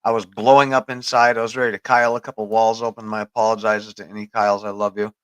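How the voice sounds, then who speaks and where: A man with a lowish voice rambles through a profane anecdote as podcast host. The sound is close and dry, with no room around it. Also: level tone, fast, fairly bright tone, clear, resonant tone, no echo, poor audio. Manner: rambling, profane, laughs at own story. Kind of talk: casual storytelling chat.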